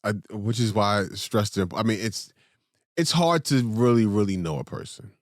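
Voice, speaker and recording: Man, co-host, low voice, lively pitch, rambling, casual chat, dry sound. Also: dry recording. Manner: animated, rambling, halting restarts.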